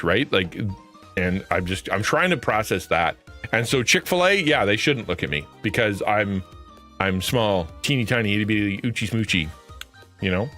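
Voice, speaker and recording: A middle-aged man chatting casually on a live stream, his lowish voice carrying a bright, forceful edge. He rambles and backtracks, then leaps into high, excited bursts. Faint music plays underneath. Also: moderate pace. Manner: rambling, self-correcting, jumps to high excited pitch. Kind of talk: casual chat.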